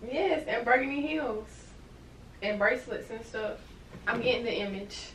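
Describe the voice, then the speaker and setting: Blunt, bright-voiced young woman. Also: a little high, normal speed, recorded from a distance. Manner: blunt, confrontational, slangy. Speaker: friend being pranked. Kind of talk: casual conversation turning into an argument. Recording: echoey room, from off-mic, faint background noise.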